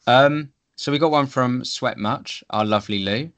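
A man's voice: medium pitch, normal speed, a bit bright. A man hosting a casual podcast, steadily reading listener questions to his co-hosts. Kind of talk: casual chat.

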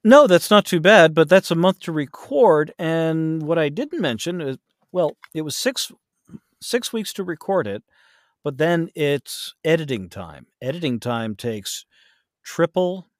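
A man's voice: a little high, lively intonation, unhurried, no echo, studio quality. A man who narrates audiobooks, chatting casually in an interview, rambling with many fillers and restarts.

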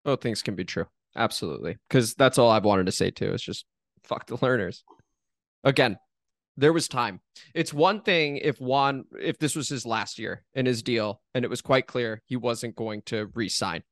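A man co-hosting a sports podcast in casual talk, working through his points in a measured way. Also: medium pitch, no room sound, studio quality.

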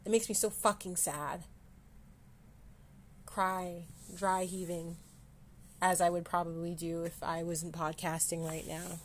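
Woman, podcast host, candid, self-deprecating, halting with restarts, near tears. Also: on the low side, fairly even intonation, a little hiss or hum. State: close to tears at times. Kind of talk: personal mental health podcast.

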